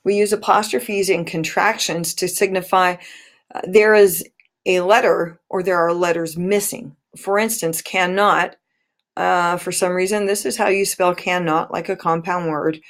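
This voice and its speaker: Woman teacher, unhurried, careful, pause-heavy delivery for a recorded lesson. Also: lowish voice, fairly even intonation. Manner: slow, deliberate, stressing pauses.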